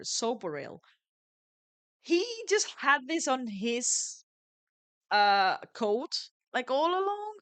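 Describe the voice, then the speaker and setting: A woman's voice: a little high, a bit bright, clear, resonant tone, no echo. A woman giving casual let's play commentary, reading the game's text aloud and wondering aloud about the story. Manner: chatty, musing, wondering aloud.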